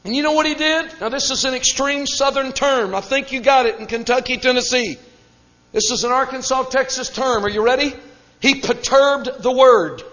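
A Pentecostal preacher with a very high, ringing voice delivers his sermon fervently and leans on repeated phrases. His words echo through a large hall. The recording sounds muffled and dull. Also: fairly bright tone.

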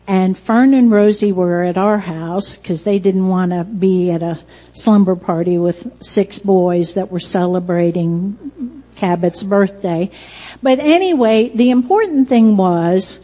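A woman's voice: mid-range voice, big-room sound. An older woman, a grandmother, sharing a personal testimony with a congregation, emotional and close to tears as she speaks to her granddaughter. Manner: emotional, warm storytelling, addressing her granddaughter. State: tearful. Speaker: church speaker.

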